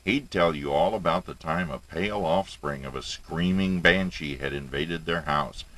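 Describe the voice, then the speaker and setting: An older man reading a fairy tale aloud for his granddaughter, playful and expressive, with chatty asides. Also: very deep voice, moderate pace, rough recording. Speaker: storyteller grandfather.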